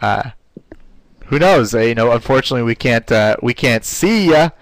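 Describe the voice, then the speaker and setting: A man teaching a live online class in an upbeat, conversational way, often pausing with "uh" fillers. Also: expressive, no echo, poor audio. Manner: playfully shifts pitch to demonstrate voice technique. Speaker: webinar presenter.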